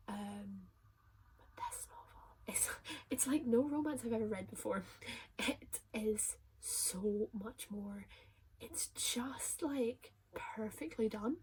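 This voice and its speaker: A woman reviewing her favourite books in a casual vlog, gushing and emotional, often dropping into a soft whisper. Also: on the high side, slow pace, slight background noise. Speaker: book reviewer.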